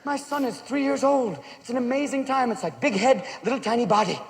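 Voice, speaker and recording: A man performing a stand-up comedy routine on stage, manic and rapid-fire, darting into silly voices, recorded live with a roaring audience. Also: very high-pitched, a little hiss or hum. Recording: roomy live show recording, loud audience laughter.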